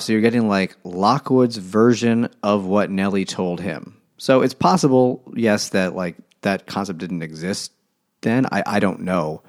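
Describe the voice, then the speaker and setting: A man's voice: lowish voice, unhurried. A man in casual book talk, rambling and sarcastic, mocking characters as he goes. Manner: rambling, sarcastic, mocks characters in silly voices.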